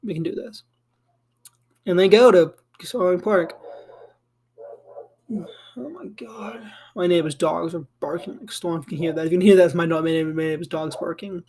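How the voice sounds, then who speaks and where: High-voiced man rambling through a fan story. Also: fairly even intonation, fast, hardly any pauses, a little mellow. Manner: rambling, filler-heavy, swears casually. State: yawning, tired. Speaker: anime fan commentator. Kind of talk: casual retelling of a fan story. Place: home room.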